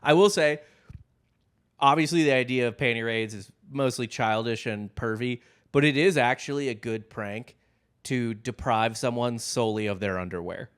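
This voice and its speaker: A man's voice: medium pitch, normal speed, a bit bright, smooth. A man co-hosting a podcast in casual chat, rambling and joking, with lots of likes and restarts. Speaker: podcast co-host.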